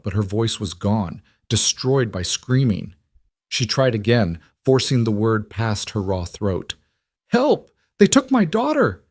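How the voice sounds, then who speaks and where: Low-voiced man narrating a dramatic story. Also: darkish tone, no room sound, clean studio sound.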